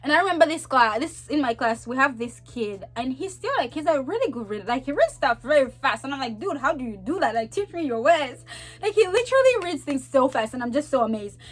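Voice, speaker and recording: A young woman with a Zambian accent tells stories to camera in a high, bright voice that leaps up and down. She laughs often and slips into quick impressions of other people. Soft music plays faintly behind her. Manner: animated, laughing, acts out voices. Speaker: vlogger. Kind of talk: casual storytelling to camera.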